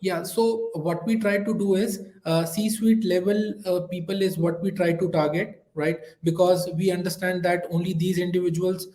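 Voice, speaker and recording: A man's voice: sits high, steady tone, moderate pace, hardly any pauses, darkish tone, reverberant, low-quality recording. A man who is a sales rep, speaking hesitantly with many fillers during a webinar role-play call.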